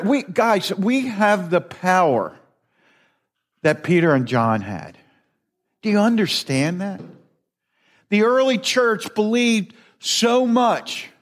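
A middle-aged man giving a conversational, folksy sermon as a lay preacher, rambling a little and chuckling between thoughts. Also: high-pitched. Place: church sanctuary.

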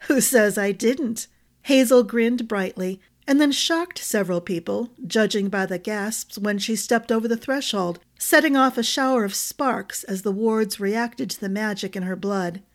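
A woman narrating a fantasy story with a steady, expressive reading. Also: medium pitch, normal speed, few pauses. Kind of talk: audiobook narration.

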